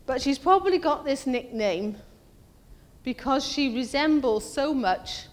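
A woman preaches a conversational sermon in church, asking her congregation questions and acting out quoted voices in a higher pitch. The recording carries the long reverb of a church hall.

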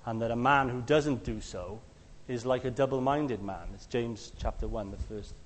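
A man's voice: mid-range voice, moderate pace, long reverb tail, slight background noise. Conversational man preaching a sermon. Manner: conversational storytelling, acts out quotes, loud shouted lines.

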